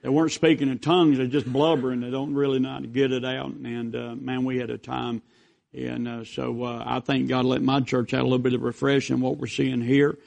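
A man preaches a revival sermon, rambling through stories in a folksy way. His voice has a rough, gravelly edge and stays fairly level in pitch. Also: little pitch movement, brisk, darkish tone. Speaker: visiting preacher.

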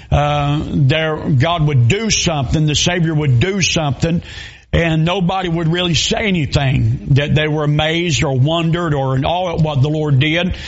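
A pastor, preaching a sermon in a folksy storytelling way with plain dialect grammar. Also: male voice, on the high side, lo-fi sound. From Southern US.

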